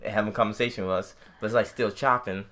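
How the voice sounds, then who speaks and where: A man's voice: on the low side, fairly even intonation, fast talker, fairly bright tone. A man co-hosting a casual podcast, telling a long story with slang and many restarts. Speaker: podcast co-host.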